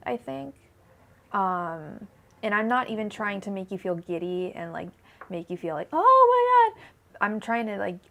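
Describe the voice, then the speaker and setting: A woman's voice: medium pitch, gravelly. A young woman giving a live-streamed tarot reading, rambling and emotional, with many fillers and restarts. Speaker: tarot reader.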